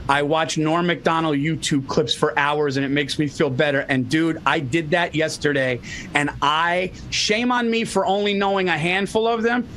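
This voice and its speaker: High-voiced dude on a video call, swearing, excited storytelling, faint hiss. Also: male voice. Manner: profane, enthusiastic storytelling. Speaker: podcast co-host. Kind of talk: casual chat.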